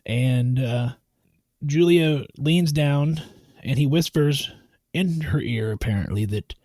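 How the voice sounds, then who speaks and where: A man's voice: a little high, takes it slowly, darkish tone, no echo. A man co-hosting a podcast, discussing a movie in casual chat with a dry, matter-of-fact manner and steering the talk. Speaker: podcast co-host.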